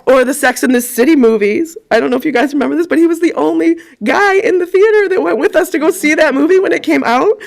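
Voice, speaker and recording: Woman with a fairly high, chatty voice. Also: quick pace, creaky, few pauses. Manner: chatty storytelling with frequent ums and laughter. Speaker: eulogist at a funeral. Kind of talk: eulogy with personal anecdotes.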